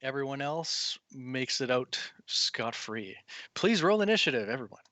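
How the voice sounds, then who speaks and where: An easygoing man runs a tabletop game as game master, narrating at an unhurried pace. His voice is bright and forceful, and the sound is dry and close. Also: medium pitch, very animated, dry recording.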